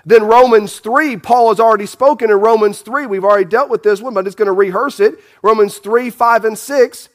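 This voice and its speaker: A man's voice: high voice, brisk, hardly any pauses. A man preaching a Bible sermon, emphatic, asking rhetorical questions and restarting phrases as he goes. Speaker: pastor.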